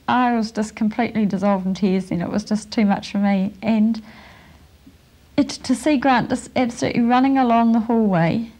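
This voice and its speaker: A woman giving a testimony as a mother, earnest and halting, with emotion. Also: on the high side, darkish tone.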